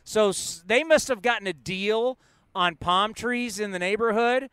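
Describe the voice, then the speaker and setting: Fifties guy on sports radio, excitable storyteller, dry close sound. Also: high voice, unhurried, smooth, dry recording. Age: 50s. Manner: excitable, storytelling, self-mocking. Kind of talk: casual sports talk.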